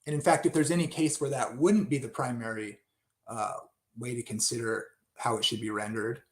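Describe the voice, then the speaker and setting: A man giving an unscripted Bible study talk, thinking aloud with many restarts and asides. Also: medium pitch.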